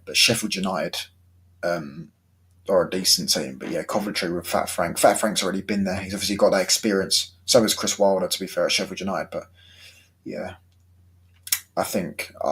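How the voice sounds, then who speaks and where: A young man talks football in a loose, slangy, swear-heavy way. His voice sits low and sounds husky, with a sore throat. He keeps the chat laid-back and rambling. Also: steady tone, a little fast, fairly bright tone. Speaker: football vlogger.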